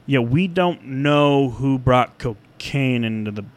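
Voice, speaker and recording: Animated swearing podcast guy. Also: medium pitch, takes it slowly. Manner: animated, swearing, acting out imagined dialogue. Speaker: podcast co-host. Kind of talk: casual podcast chat.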